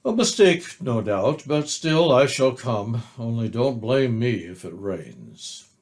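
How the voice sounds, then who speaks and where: A man voicing a gloomy old male donkey, speaking slowly and mournfully in a storybook reading. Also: mid-range voice, sing-song, a little mellow.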